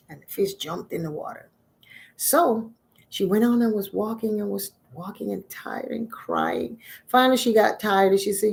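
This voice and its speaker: A middle-aged woman telling a folk myth in an expressive, conversational voice. Her pitch sits in the middle range, and she talks the way a spiritual teacher talks to her students. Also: moderate pace, vocal fry.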